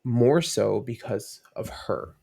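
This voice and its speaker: Brief: a dad guesting on a fan chat show, rambling and warm-hearted, with gravelly vocal fry. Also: male voice, medium pitch, slow. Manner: rambling storytelling with many fillers and restarts. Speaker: podcast guest. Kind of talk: casual interview chat.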